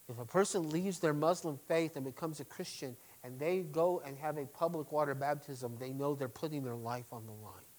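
Middle-aged male pastor mid-sermon, emphatic, punches key words, drops to quiet asides. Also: fairly high pitch, low-quality recording. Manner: emphatic preaching, swings between loud stresses and quiet asides.

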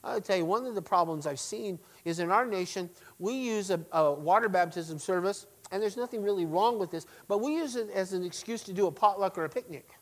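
A man's voice: high voice, fairly quick, hardly any pauses, low-quality recording. Middle-aged male pastor preaching emphatically. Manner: emphatic preaching, swings between loud stresses and quiet asides. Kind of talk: sermon.

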